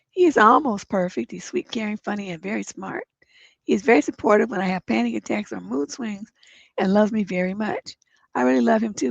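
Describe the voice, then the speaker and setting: Blunt congested woman advice host, gravelly. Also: fairly high pitch, expressive, a little fast, no room sound. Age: middle-aged. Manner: blunt, profane, gets emphatic when giving advice. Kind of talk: livestream advice chat, reading viewer letters. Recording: dull lo-fi stream audio.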